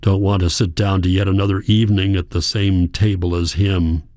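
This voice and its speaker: Deep-voiced man reading a story. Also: little pitch movement, normal speed, a little mellow, dry recording. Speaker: audiobook narrator. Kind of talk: first-person scripted narration.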